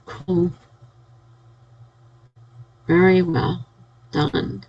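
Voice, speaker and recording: A woman's voice: lowish voice, steady tone, drawn-out words, muffled recording, a little hiss or hum. A sleepy, yawning woman chatting casually on a live stream, reading out and cheering viewers' chat messages. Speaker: livestreamer.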